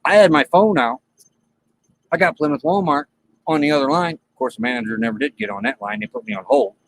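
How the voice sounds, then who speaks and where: Broadcasting live from his RV, a man tells a story to his chat in plain, colloquial talk, animatedly acting out the dialogue. His voice is on the high side, a little fast, and gravelly. The audio is poor, with some hiss or hum.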